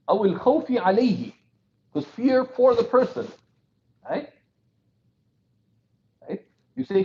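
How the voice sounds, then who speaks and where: A man teaching from a classical text, explaining step by step, often checking with "right?", and reading quoted passages in quick bursts. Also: sits high, a little mellow, highs cut off. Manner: reads quotations in rapid bursts.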